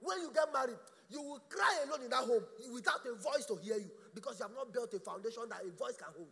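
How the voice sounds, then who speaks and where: A male preacher with a very high, gravelly voice. He delivers an animated sermon full of rhetorical questions and stammered restarts. His voice carries through a church with a long, ringing reverb. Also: fast. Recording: echoey church hall.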